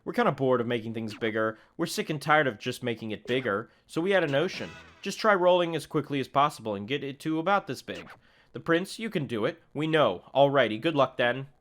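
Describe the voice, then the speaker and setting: A man's voice: medium pitch, lively intonation, a little fast, fairly bright tone, close to an everyday voice. A man voicing a pompous, grandiose cosmic king who speaks in the royal we, reading game dialogue aloud. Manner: haughty, demanding, speaks in the royal we.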